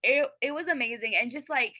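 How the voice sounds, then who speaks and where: A woman's voice: sits high, a little fast, pushed and bright, poor audio. A woman guest in a casual interview, talking eagerly and earnestly with lots of fillers. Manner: eager and chatty, many fillers; earnest and heartfelt.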